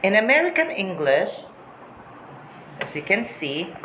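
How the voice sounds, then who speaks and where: Woman, teacher, repeats words slowly, echoey room, faint background noise. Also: mid-range voice, very animated. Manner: slow, repeats example words to model pronunciation. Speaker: English teacher. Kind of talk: recorded lesson on English accents.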